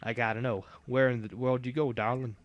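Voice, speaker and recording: Brief: folksy Southern-drawl promoter, slow and down-home, read by a man. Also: medium pitch, little pitch movement, highs cut off, close to an everyday voice. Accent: put-on American Southern drawl. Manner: slow, drawn-out country talk. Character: folksy drawling male fight-club promoter. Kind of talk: reading game dialogue aloud.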